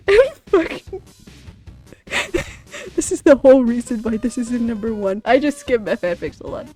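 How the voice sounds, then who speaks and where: A young woman vlogging off the cuff, rambling with frequent laughter, loud outbursts and swearing. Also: high voice, unhurried, long pauses, faint music behind. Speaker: youtuber. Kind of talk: unscripted ranking vlog.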